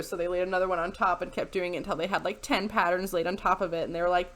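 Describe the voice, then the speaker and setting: A woman's voice: on the low side, fairly even intonation, quick pace, few pauses, a bit bright. A woman giving casual reaction commentary as a video host, sarcastic and incredulous, breaking into laughter often. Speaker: YouTube commentator.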